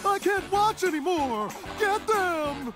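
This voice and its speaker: An easily shocked teen girl from a TV cartoon, loud and excitable. Her voice is high and swoops, drawn out slowly. Very loud music plays behind. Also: full character voice. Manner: exclaiming, excitable. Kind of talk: TV cartoon voice acting.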